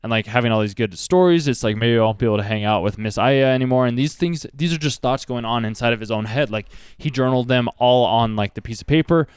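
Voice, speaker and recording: A man's voice: mid-range voice, fast talker, hardly any pauses, clear, resonant tone, no room sound, studio quality. A man casually commenting on an anime and giving earnest life advice, rambling with lots of fillers. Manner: rambling, earnest, heavy use of "like". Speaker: anime reaction host.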